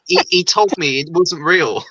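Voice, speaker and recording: A man's voice: fairly high pitch, moderate pace, sharp tone, husky, no room sound, rough recording. A man from the UK hosting a casual livestream chat about films, rambling and correcting himself as he goes. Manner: rambling, self-correcting, jokey. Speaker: livestream host.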